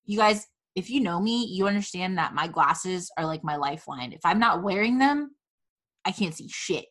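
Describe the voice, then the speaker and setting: A woman's voice: lowish voice, expressive, moderate pace, a bit bright. A woman hosting a casual chat show, telling a story dramatically with plenty of swearing and laughter. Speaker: podcast host.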